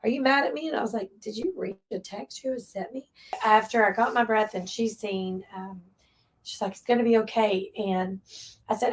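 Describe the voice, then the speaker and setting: A woman's voice: medium pitch, moderate pace. A woman with an East Tennessee accent who runs a relief shelter, recounting a hard moment in earnest, heartfelt conversation. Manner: earnest, tearful recollection with Southern phrasing. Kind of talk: emotional storytelling in conversation.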